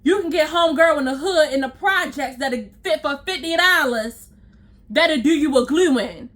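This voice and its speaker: A young woman vents a storytime straight to her viewers in a high, sharp, bright voice. She is blunt and exasperated and swears freely as she rants. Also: animated, normal speed. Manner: exasperated, blunt and profane, talks straight to "y'all". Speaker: storytime vlogger. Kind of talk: casual storytime rant to viewers.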